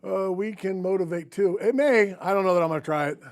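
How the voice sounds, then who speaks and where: High-voiced folksy man. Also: quick pace. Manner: folksy storytelling with chuckles. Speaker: host of a garage livestream. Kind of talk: casual livestream chat with viewers.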